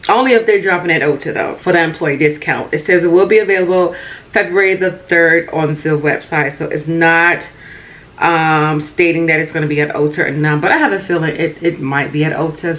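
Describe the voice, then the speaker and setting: Hoarse woman in her thirties, raspy and low-pitched, for a loose, chatty vlogger read. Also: a bit bright. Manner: chatty, rambling, many fillers and restarts. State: hoarse from a cold. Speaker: beauty vlogger. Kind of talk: casual chat.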